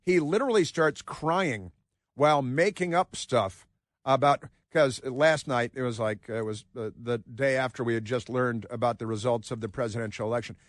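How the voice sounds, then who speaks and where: A man's voice: medium pitch, moderate pace, no echo, studio quality. A man hosting talk radio, mocking and rambling, with frequent filler words. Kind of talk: casual talk radio commentary.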